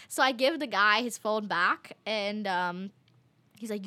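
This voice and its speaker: A young woman recounts a travel mishap to her viewers, her voice bright and clear. She talks casually and animatedly, with lots of fillers and quick laughs. The sound is close and dry. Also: medium pitch, dry recording. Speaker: vlogger. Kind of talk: casual storytelling to camera.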